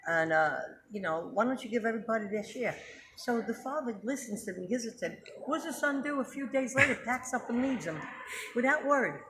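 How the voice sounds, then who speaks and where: A woman's voice: a little high, animated, brisk. Emphatic middle-aged woman, echoey room. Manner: emphatic, rhetorical questions, checking with listener. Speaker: host. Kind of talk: casual religious commentary. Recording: echoey room with background noise.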